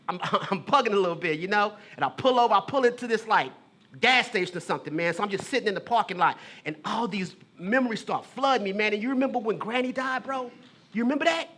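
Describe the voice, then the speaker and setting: Bright-voiced man telling a confessional story. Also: high voice. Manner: casual street talk, addressing a brother with "bro" and "man"; emotional, confessional, halting. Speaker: theater artist and poet. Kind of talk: theatrical storytelling monologue.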